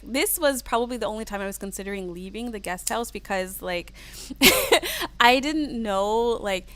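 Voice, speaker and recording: Young US woman hosting a casual livestream, chatty with lots of laughs, slightly high voice, dry close sound. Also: fairly bright tone, no room sound. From United States. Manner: chatty, laughing, acts out angry quotes. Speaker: livestream host.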